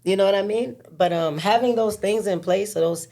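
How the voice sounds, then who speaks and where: A woman's voice: mid-range voice, brisk, creaky, warm tone. A woman, a mother of three, talking frankly and laid-back about her own time in a podcast chat. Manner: frank, laid-back, calls music therapy. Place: podcast studio.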